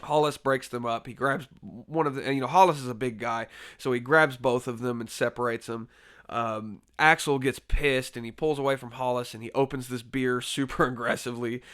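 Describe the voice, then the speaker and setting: A man's voice: medium pitch, fairly even intonation, moderate pace, fairly bright tone, clear, resonant tone. A man casually reviewing a horror film, rambling with lots of fillers and restarts and laughing easily. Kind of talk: casual spoken movie review.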